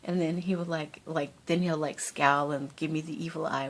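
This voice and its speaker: A woman with a notably low voice talks casually to her viewers about crafting. She rambles from story to story and laughs often. A faint low rumble sits under her voice. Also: moderate pace, few pauses. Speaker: crafting vlogger. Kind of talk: casual chat to camera.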